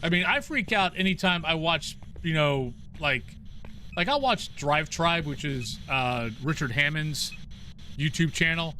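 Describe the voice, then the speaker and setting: A man's voice: fairly high pitch, lively intonation, a little slow, pushed and bright, a little hiss or hum. A middle-aged man chatting casually with his stream viewers while gaming, rambling from one story to the next. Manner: rambling, talks to chat and to the game's ghost.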